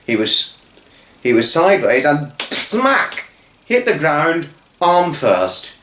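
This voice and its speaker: A man telling a children's story off the cuff, halting and restarting his words. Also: a little high, sing-song, fairly bright tone, reverberant, a little hiss or hum. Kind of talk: improvised storytelling.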